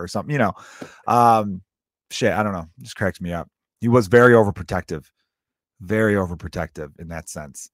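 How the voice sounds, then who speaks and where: A man in his thirties with a lowish voice tells stories in a loose, rambling way. He swears freely and cuts himself off mid-thought. The sound is close and dry, with no room echo. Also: animated, a little fast. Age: 30s. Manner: rambling, profane, self-interrupting. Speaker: podcast host. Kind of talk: casual storytelling monologue.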